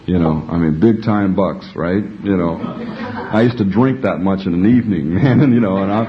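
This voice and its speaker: At a recovery meeting, a man with a low-pitched voice shares his story with the group at a moderate pace, salty and profane and laughing often. The recording is dull and lo-fi with faint noise.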